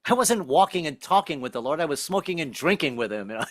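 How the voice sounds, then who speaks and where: A man's voice: a little high, big pitch swings, quick pace, fairly bright tone. A middle-aged American man doing a wry, self-deprecating stand-up set over a video call. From United States. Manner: wry, self-deprecating, puts on voices for jokes. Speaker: stand-up comedian.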